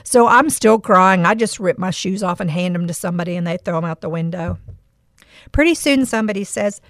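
A woman's voice: fairly low pitch, a little fast, dry recording, studio quality. A middle-aged woman hosting a podcast, telling a personal story with earnest emotion and reflecting on Bible verses. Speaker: podcast host.

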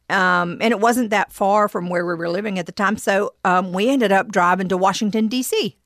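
A middle-aged woman telling a personal story, reflective and halting, with frequent pauses and restarts. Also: medium pitch, a bit bright, no echo, clean studio sound. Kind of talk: personal testimony.

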